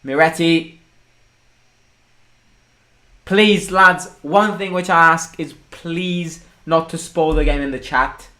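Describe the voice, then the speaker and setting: A young man hosting a live football watchalong, excitable, breaking into shouts and swearing. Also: a little high, slow pace, pauses often. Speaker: fan channel host.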